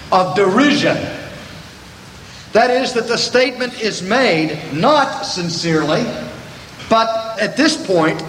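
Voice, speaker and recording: An older man preaching a sermon to a gathering, slow and deliberate with dramatic pauses. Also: high-pitched, a bit bright, a little hiss or hum. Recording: echoey hall from a distance.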